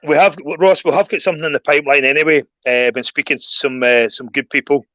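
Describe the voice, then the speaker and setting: A Scottish man telling stories in a casual chat, getting animated and raising his voice when he rants. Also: on the high side, fast talker, no room sound, muffled recording. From Scotland. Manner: animated storyteller, voice jumps up when ranting. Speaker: guest.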